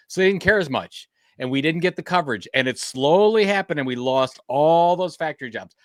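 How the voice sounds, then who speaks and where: A man co-hosting a podcast in casual chat, animated and emphatic, repeating words as he makes his point. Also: mid-range voice, no room sound, clean studio sound. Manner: animated, emphatic, repeats himself when riled. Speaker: podcast co-host.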